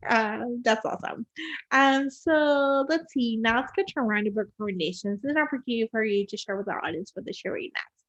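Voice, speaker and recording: A woman's voice: on the high side, fast, lo-fi sound. A woman hosting a book podcast, asking questions in an enthusiastic, chatty way. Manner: enthusiastic, chatty, laughs along. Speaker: podcast host. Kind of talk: casual interview chat.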